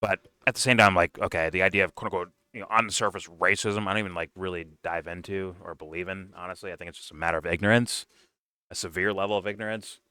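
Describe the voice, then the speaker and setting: Deep-voiced man reacting to a clip. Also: steady tone, pushed and bright, clear, resonant tone, no room sound. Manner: rambling, profane, pauses the clip to comment. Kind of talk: casual reaction commentary.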